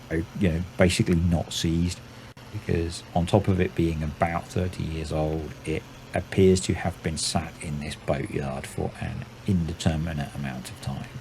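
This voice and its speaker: Gravelly low-voiced man in his forties. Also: a little hiss or hum. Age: 40s. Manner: rambling, says his voice is usually monotone. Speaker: gaming channel host. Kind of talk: casual let's-play commentary.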